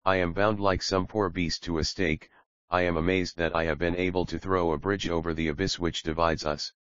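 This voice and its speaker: A devoted young woman begs tenderly and submissively, as a male reader voices her. The voice stays deep and low. The sound is dry and dull, like a plain audiobook recording. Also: level tone, normal speed, a bit bright, no room sound. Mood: pleading. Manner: imploring, tender.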